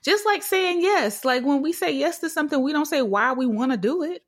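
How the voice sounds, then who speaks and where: A high-pitched woman in casual podcast chat, animated and profane, jumping across a wide range of pitch as she acts out what people say. Her talk is quick to mimic others in funny voices.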